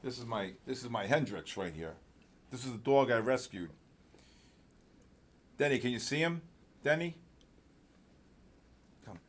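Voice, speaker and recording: A man hosting a live trading session, talking fast and excitedly with sudden loud exclamations. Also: mid-range voice. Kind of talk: live trading room commentary.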